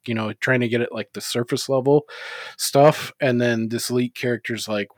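Dude rambling on a movie podcast, lots of likes and ums, swears, medium pitch, dead dry sound. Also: male voice, steady tone, moderate pace, no room sound. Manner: rambling, filler-heavy, swears freely. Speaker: podcast co-host. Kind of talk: casual movie podcast chat.

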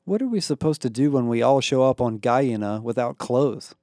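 A man's voice: medium pitch, animated, normal speed, warm tone, no room sound, clean studio sound, close to an everyday voice. A man voicing a sassy, dramatic teenage girl who speaks with indignant emphasis.

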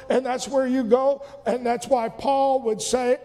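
A man's voice: very high voice, little pitch movement, unhurried, hardly any pauses, warm tone. A man preaching a fervent sermon as pastor in a church, repeating his phrases and breaking into snippets of hymns. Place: church sanctuary. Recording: long church reverb with faint music.

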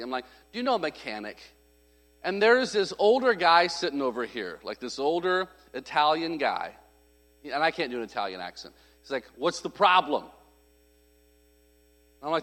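A pastor with a high, fairly bright voice relates a story during his sermon in a relaxed, funny way. He acts out the voices of the people he quotes, and the recording carries a long hall reverb.

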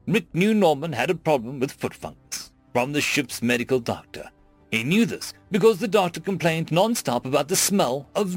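A man reading a humorous science fiction story aloud in a wry, expressive storytelling manner. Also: on the high side, slightly rough, no echo. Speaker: story narrator. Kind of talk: scripted narration.

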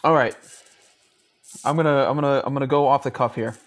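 A young man co-hosting a casual podcast, joking around and getting excited with his friend. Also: mid-range voice, fairly quick. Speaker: podcast co-host. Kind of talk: casual chat.

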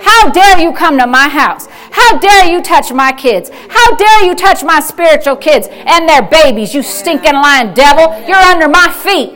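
A woman's voice: extremely high pitch, expressive, normal speed, few pauses, fairly bright tone. A woman pastor preaching a fervent sermon and calling out to her congregation. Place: church service.

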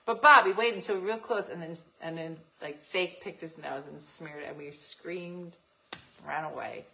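Chatty lady host with a bright voice, laughs a lot, big swings up and down while she tells stories. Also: low voice, moderate pace, gravelly, slight background noise, rough recording. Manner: animated and laughing, acts out voices in anecdotes. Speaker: radio show host. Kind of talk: casual chat, storytelling.

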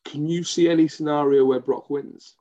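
A man co-hosting a podcast, chatting casually and eagerly, with quick agreeing interjections. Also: fairly high pitch, steady tone, mellow. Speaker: podcast co-host. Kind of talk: casual wrestling chat. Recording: slightly dull lo-fi audio.

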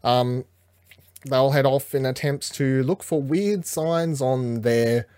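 A man's voice: mid-range voice, slow, darkish tone, clean tone, no echo. A man co-hosting a casual episode recap, rambling, swearing freely and acting out the characters' lines. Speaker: podcast co-host.

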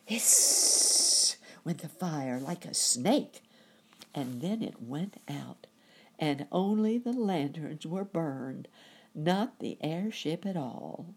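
A woman storyteller reading a children's story aloud in a gentle, expressive way. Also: deep voice, slow, husky.

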